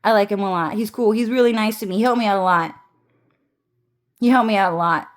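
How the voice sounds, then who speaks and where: A woman's voice: medium pitch, fairly quick. A woman rambling through a personal story in a casual vlog, swearing often, laughing, and restarting her sentences. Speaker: vlogger.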